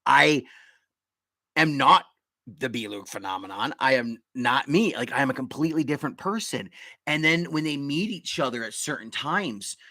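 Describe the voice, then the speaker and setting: A man hosting a live podcast in casual chat, talking in excitable, rambling bursts. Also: medium pitch, normal speed, dry recording. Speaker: podcast host.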